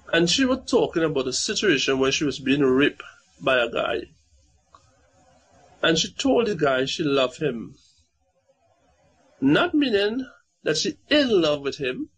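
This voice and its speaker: A man speaks as a guest on a radio discussion, with a husky, high voice. He talks emphatically, repeating words as he builds his point. His delivery stays insistent and animated. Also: rough recording. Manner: emphatic, repetitive, acts out quotes in a raised voice.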